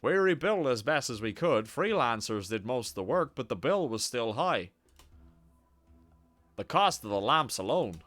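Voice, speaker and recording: A man's voice: mid-range voice, very animated, measured pace, fairly bright tone, dry recording. A man voicing a stern, weary male god-king who speaks in cold, clipped lines. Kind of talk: reading game dialogue aloud with voices.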